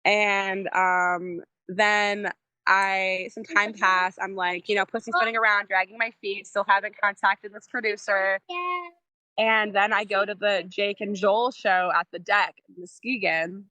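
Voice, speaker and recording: A woman's voice: medium pitch, flat delivery, measured pace, bright, forceful tone, no room sound. A woman from Michigan, a musician as podcast guest, chatting casually and rambling with many fillers. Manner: rambling storytelling with lots of fillers and laughter; acts out quoted lines in a raised voice. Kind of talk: casual interview chat.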